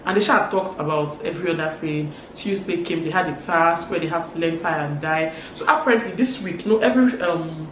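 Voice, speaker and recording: A woman's voice: deep voice, brisk, few pauses, a little hiss or hum. A woman with a Nigerian accent, chatting through a casual, gossipy recap of a reality show. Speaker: vlogger. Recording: echoey room.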